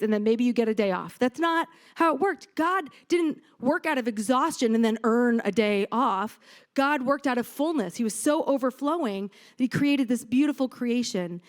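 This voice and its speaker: A woman preaching an earnest sermon, explaining scripture and reading passages aloud. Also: fairly high pitch.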